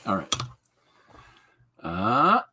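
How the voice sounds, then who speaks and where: A man's voice: lowish voice, wildly swooping pitch, extremely slow, sharp tone, a little hiss or hum. A man hosting a podcast livestream, chatting casually while he draws, greeting viewers by name and reading their comments aloud, and laughing at his own jokes. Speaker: podcast host.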